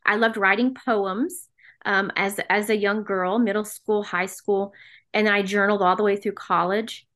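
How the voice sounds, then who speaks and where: A woman's voice: mid-range voice, fairly even intonation, normal speed, fairly bright tone. Earnest middle-aged woman sharing testimony. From American South. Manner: earnest, emotional storytelling. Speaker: podcast guest, author. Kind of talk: personal testimony in an interview.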